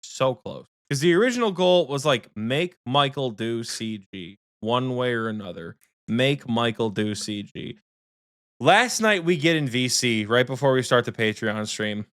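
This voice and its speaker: A man co-hosting a podcast who tells a story in a casual, teasing, profane way, often speeding up into quick bursts. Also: mid-range voice, expressive, fairly bright tone, clean tone, dry recording, studio quality. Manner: rapid bursts of speech. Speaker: podcast co-host.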